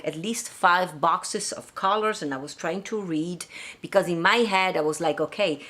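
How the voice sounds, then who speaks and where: A woman's voice: fairly low pitch, fairly bright tone. A woman from Italy with an Italian accent, hosting a casual live stream from her home, chatting with many fillers and slipping into Italian and French. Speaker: host.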